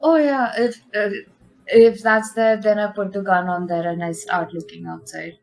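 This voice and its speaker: A woman's voice: mid-range voice, steady tone, moderate pace, creaky, darkish tone. A woman playing a tabletop role-playing game, talking casually and playfully. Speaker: player.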